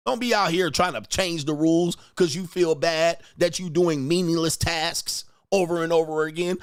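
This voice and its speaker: A man hosting an online show in a loud, mocking, profane ranting style, swinging into high shouted tirades. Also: normal speed, smooth, dry recording, studio quality. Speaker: online dating coach and host.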